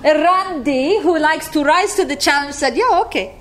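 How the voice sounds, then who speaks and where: A woman telling a casual story, halting often with fillers and restarts. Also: high-pitched.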